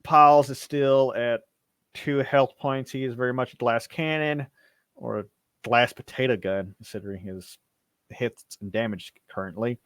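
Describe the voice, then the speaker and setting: A man's voice: medium pitch, normal speed, dry recording. A man narrating as game master of a live-streamed tabletop game, loose and rambling with many fillers and restarts.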